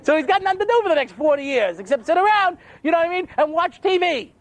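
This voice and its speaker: Animated older man telling jokes in a lecture. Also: extremely high pitch, quick pace, no room sound. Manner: animated storytelling with jokes and acted-out quotes. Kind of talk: humorous lecture to an audience.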